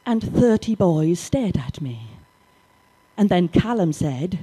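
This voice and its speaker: An older woman from Wales, performing a stand-up comedy story with dry delivery and sudden loud acted shouts. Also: lowish voice, animated, slow, husky. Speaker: stand-up comic. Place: library comedy gig.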